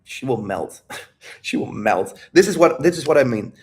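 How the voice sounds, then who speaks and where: A man's voice: mid-range voice, lively intonation, normal speed, a little mellow. A man talking candidly about dating and his emotions, rambling and calling the listener "dude". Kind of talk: casual talk.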